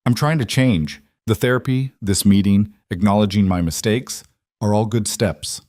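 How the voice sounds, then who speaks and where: Man voicing a contrite businessman, steady, even, low-pitched, dry. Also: moderate pace, no echo, natural voice. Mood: steady contrition. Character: contrite businessman husband, middle-aged, steady.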